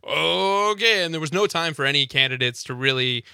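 A man's voice: mid-range voice, sharp tone, clear, resonant tone, dry recording, studio quality. A man co-hosting political talk radio, chatting with frequent restarts. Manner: conversational, halting restarts. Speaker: radio co-host.

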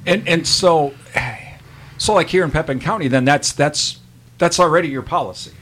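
A man's voice: a little high, moderate pace, a bit bright. A man hosting a radio interview, asking questions and thinking aloud hesitantly. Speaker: radio host.

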